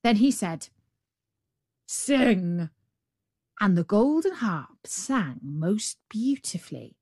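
A woman reading a fairy tale aloud as a storyteller, in an expressive, drawn-out way. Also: medium pitch, breathy edge, no echo, studio quality.

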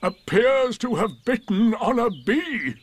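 A man voicing a gloomy old male donkey in a storybook reading, slow and mournful. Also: extremely high pitch, sing-song, voice pushed up, heavily acted.

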